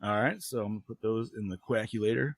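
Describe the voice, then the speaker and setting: A man's voice: on the low side, quick pace, gravelly, no room sound. A man hosting a casual film review podcast. He swears freely, giggles often and keeps losing his place. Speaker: podcast host.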